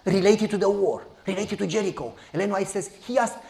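A man preaching a sermon, swinging between loud exclamations and hushed asides, and acting out the voices of people in his stories. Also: high voice, fairly quick, gravelly, hardly any pauses.

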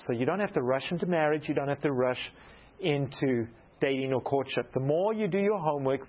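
A man delivers a storytelling sermon, animated and self-mocking, acting out the dialogue of his story. His voice is a little high, and the audio sounds dull.

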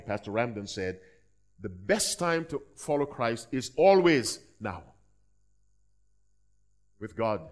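Emphatic preaching man. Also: on the low side. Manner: emphatic, measured preaching with dramatic pauses. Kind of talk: sermon Q&A and prayer.

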